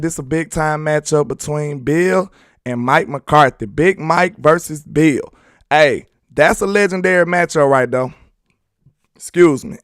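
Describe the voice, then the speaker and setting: A man's voice: a little high, fairly bright tone, clear, resonant tone, no room sound, clean studio sound. A man hosting a casual live sports talk stream, rambling loosely, chatting with viewers and laughing often. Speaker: sports talk show host.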